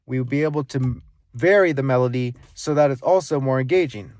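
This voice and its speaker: Higher-pitched man coaching speech, dry. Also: a little mellow, no echo. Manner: deliberate, shifts volume and pitch to demonstrate. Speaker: speaking coach. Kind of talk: instructional monologue with live demonstrations.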